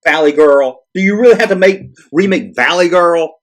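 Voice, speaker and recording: A man with a fairly high, animated voice hosts his channel at a moderate pace. He works through a list, reacting to it in a casual rant of exasperated sarcasm and frequent profanity.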